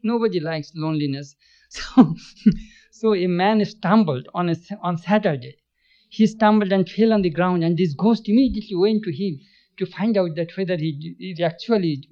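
A man's voice: high-pitched, darkish tone. A man giving a spiritual lecture, telling stories, chanting verses and chuckling often. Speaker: spiritual teacher. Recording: dull lo-fi recording.

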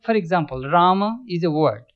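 A man teaching scripture as a swami, giving a measured spiritual talk and often restarting his words. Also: high-pitched, lively intonation. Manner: measured, thoughtful pacing with frequent restarts. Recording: dull lo-fi recording.

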